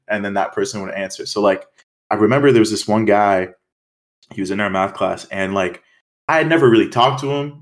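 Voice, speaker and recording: A young man from Canada co-hosting a podcast, telling stories in casual, animated chat with swearing. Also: on the low side. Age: young adult. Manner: animated storytelling, swearing, quoting others. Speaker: podcast co-host.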